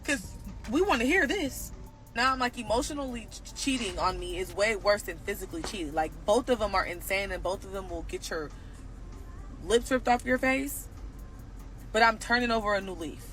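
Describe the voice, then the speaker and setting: Bright-voiced woman telling a blunt story. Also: medium pitch, moderate pace, soft background music. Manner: blunt, profane, animated retelling. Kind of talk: casual storytime monologue.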